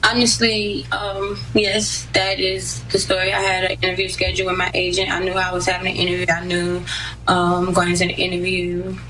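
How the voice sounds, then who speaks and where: A woman athlete answers in a broadcast interview with a bright, sharp voice that stays very flat in pitch. She speaks earnestly and in a measured way, heard from a distance with faint noise behind her.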